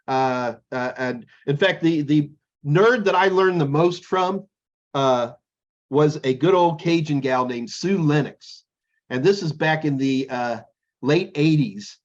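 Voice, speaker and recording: Higher-voiced man, jokey rambling host. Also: slow pace, lo-fi sound. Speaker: podcast co-host. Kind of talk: casual chat.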